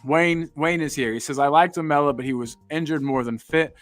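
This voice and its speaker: A man's voice: a little high, fairly quick, no echo, faint music behind. A young American man hosting a casual chat, reading out live comments and rambling with repeated words. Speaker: podcast host.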